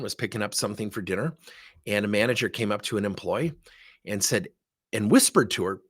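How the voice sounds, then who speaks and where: A man's voice: medium pitch, breathy edge. A middle-aged man giving a motivational talk on leadership, telling anecdotes with plenty of rhetorical questions. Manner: animated storytelling, rhetorical questions. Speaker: leadership speaker.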